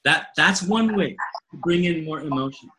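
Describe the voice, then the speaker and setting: A coach leads a webinar in casual teaching talk, animatedly acting out conversations with clients and laughing often. His voice is a little high and moves at normal speed, with background noise present.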